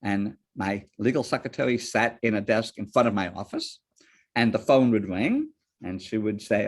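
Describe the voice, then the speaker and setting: A man's voice: fairly low pitch, normal speed. A man giving a lecture on ethics to board members, telling personal anecdotes and asking rhetorical questions. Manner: lively storyteller, rhetorical questions.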